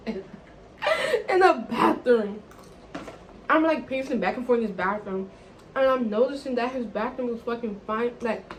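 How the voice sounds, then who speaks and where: A young woman vlogger telling a dating story in casual, animated chat, swearing freely and saying "like" often. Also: on the high side, a little hiss or hum, poor audio. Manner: animated, profane, chatty with lots of "like".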